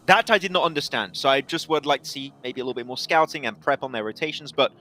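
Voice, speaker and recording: Fast bright-voiced man analyst. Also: medium pitch. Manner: quick, rambling with restarts. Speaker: esports analyst. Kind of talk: analyst desk chat.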